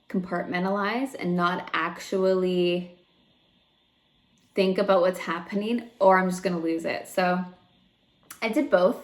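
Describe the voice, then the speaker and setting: A young woman tells her own story to the camera in a loose, chatty vlog, leaning on plenty of ums and likes. Her voice sits a little low for a woman, and she sounds close to tears at moments. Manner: chatty and candid, full of fillers, emotional. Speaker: vlogger.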